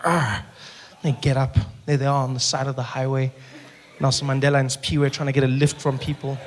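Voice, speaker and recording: A man's voice: mid-range voice, fast. A man with a South African accent doing stand-up comedy on stage, telling stories and acting out voices. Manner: animated, acts out voices.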